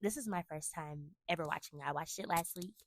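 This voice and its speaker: A woman hosting a casual movie review, chatty and animated as she retells scenes with emphatic asides. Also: sits low, a little fast, creaky.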